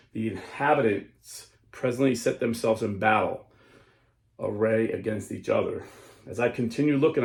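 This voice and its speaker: A man's voice: mid-range voice, gravelly, a little mellow. Man, commentary host, dramatic reading, plain explaining, roomy echo. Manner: slows and stresses lines when reading aloud, then explains plainly. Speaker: host of a Catholic commentary channel.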